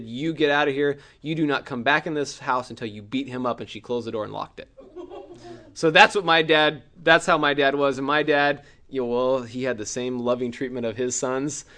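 A middle-aged man preaching a sermon, telling a personal story with acted-out cries and shouts. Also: mid-range voice.

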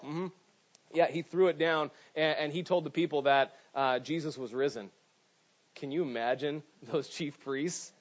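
A man preaches in a chatty, animated way, stumbling over repeated words and checking in with the congregation. His voice sits a little high for a man. The recording sounds dull and lo-fi. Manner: conversational preaching, many restarts and "right?" asides. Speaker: pastor. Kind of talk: sermon.

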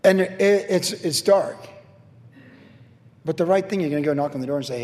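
Middle-aged male pastor, lively storytelling sermon, slightly high voice, echoing hall. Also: moderate pace. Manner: animated storytelling, acts out quoted voices, laughs at himself.

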